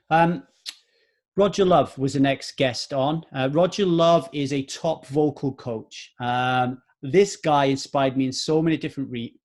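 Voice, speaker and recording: Earnest man in his forties. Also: a little high. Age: 40s. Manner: earnest, repeats points for emphasis. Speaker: podcast host. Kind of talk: solo motivational podcast monologue.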